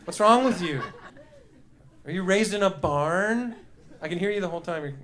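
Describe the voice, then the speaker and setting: A young male comedian working a live crowd on a handheld mic, loose and crude, chuckling through his lines. His voice sits high and sounds bright and forceful, and every so often it jumps into a yell. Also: expressive, normal speed. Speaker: stand-up comedian. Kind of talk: live stand-up riffing with the crowd. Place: comedy club stage before a live audience.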